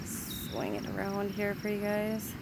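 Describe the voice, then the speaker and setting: A woman's voice: medium pitch, completely flat delivery. A woman chatting to her viewers as she films a walk through a rural valley by the water on her phone. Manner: chatty, talking to viewers while walking. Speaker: vlogger. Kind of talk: casual nature walk vlog. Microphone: handheld phone camera. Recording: outdoor phone recording with nature noise. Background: rushing water, insects and birds.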